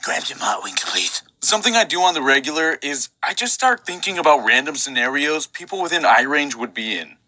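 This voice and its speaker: Young male storyteller, bright high voice, self-mocking, prone to yelling, dry close mic. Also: brisk, hardly any pauses, no echo, low-quality recording. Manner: animated, self-mocking, bursts into shouting. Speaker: animation vlogger. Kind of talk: comic storytime narration.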